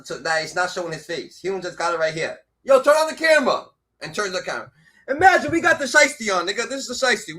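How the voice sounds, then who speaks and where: Brief: male streamer, high bright voice, swings wildly, cursing rants on a live reaction stream. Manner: loud, heated, swears constantly, jumps between shouting and muttering.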